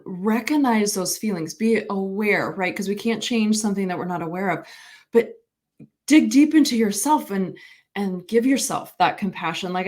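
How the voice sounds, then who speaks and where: A woman's voice: mid-range voice, darkish tone. A woman hosting a podcast in casual conversation, responding to her guest in an affirming, conversational way. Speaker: podcast host. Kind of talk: casual interview talk.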